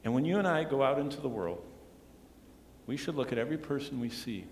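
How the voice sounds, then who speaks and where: A man preaching a sermon as pastor, earnest, often dropping to a hushed tone to stress a point. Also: mid-range voice, lively intonation, fast, a little hiss or hum. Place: church sanctuary. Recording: echoey church hall with long reverb.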